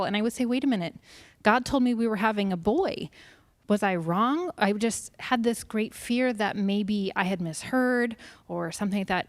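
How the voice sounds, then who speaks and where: A young woman tells her family's faith story in a church pavilion. She speaks earnestly and pauses often with fillers. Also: medium pitch, dry recording. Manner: earnest, halting with many fillers. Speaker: mother sharing family testimony. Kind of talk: personal testimony.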